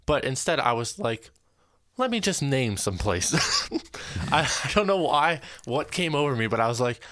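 A man's voice: medium pitch, very animated, moderate pace, a bit bright, no echo. A young man telling stories on a podcast, laughing often and filling his talk with "like". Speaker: podcast co-host. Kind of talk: casual storytelling chat.

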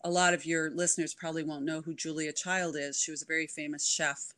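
A woman author chatting as an interview guest, animated and full of ums. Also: low-pitched, fast. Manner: animated, many ums, demonstrates voices. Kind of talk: casual interview chat.

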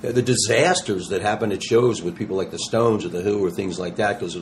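Animated, slangy older man telling stories. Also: on the low side, fairly quick, slight background noise. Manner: animated, slangy storyteller who acts out quotes. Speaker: touring rock musician, guest. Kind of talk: casual interview storytelling.

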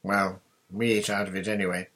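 A man voicing a sensible, motherly older girl who cooks for the crew in a storybook reading, speaking briskly and practically. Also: low voice, little pitch movement, a bit bright.

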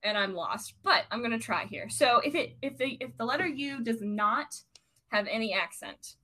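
A woman's voice: a little high, animated, moderate pace, bright, forceful tone. A young woman co-hosting a casual podcast, rambling and self-deprecating as she explains a word. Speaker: podcast co-host.

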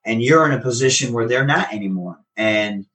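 A man's voice: mid-range voice, brisk, distant mic, poor audio. A man, a professional wrestler, casually telling stories in an interview and animatedly acting out the conversations he recounts. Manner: animated, acts out quoted exchanges.

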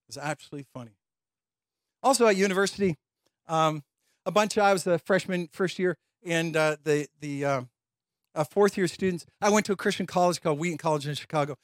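Male pastor, high-pitched and animated, telling a story in a sermon, dry close sound. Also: no room sound. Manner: animated, laughing storyteller acting out voices.

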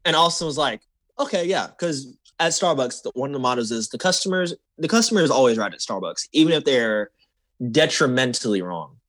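A young man co-hosting a podcast tells a work story in casual chat, animatedly acting out the voices of the people involved. His voice is mid-range and brisk, with no room sound.

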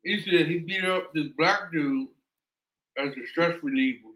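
A man's voice: a little high, measured pace, a bit bright. A man co-hosting a casual podcast chat, making plain, matter-of-fact remarks. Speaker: podcast co-host. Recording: echoey room.

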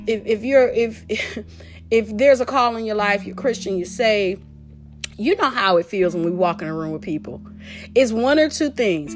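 Animated woman teaching scripture. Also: on the high side. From Detroit, USA. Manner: animated, laughing, slangy storytelling. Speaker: podcast host. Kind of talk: casual Bible teaching.

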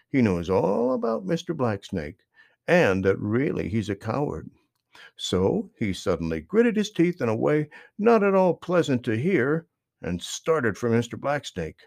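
A man narrating a children's story, gentle and expressive. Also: medium pitch, measured pace, vocal fry, no echo, studio quality.

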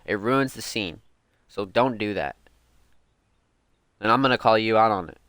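A young podcast host covering music rants casually and heatedly in an expressive voice on the low side, at normal speed. His tone is fairly bright, and he curses a lot, filling his slang-heavy talk with "like" and "bro." Clean studio sound, no echo.

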